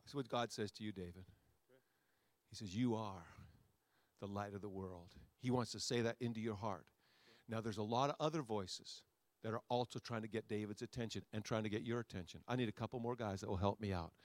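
A man, a pastor, preaching a sermon to his congregation, with a repetitive, rousing cadence that swings between loud soaring lines and quiet asides. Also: lowish voice, a little fast, no echo. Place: church sanctuary before a congregation.

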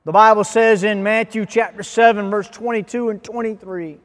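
Impassioned high-voiced man preaching in a hall. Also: steady tone, moderate pace. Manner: impassioned preaching, swells loud then drops low. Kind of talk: sermon. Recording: long hall reverb.

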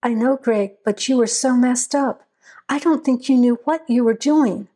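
A woman's voice: fairly high pitch, moderate pace, dark tone, breathy edge. A woman reading an anxious, pleading young woman. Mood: worried. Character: frightened young woman, loyal girlfriend.

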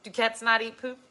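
A woman vlogger talks straight to her viewers in a casual, emphatic way. Her pitch swings widely as she tells her stories, and her tone is bright and forward. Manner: emphatic, animated storytelling. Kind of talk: casual chat to viewers, reading comments.

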